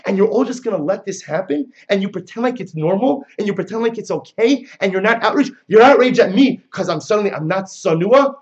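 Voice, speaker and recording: A man's voice: sits high, expressive, a little fast, hardly any pauses, highs cut off, voice pushed up. A man voicing an outraged young bride who fires accusing questions at the crowd around her. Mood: indignant. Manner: indignant, accusing rhetorical questions.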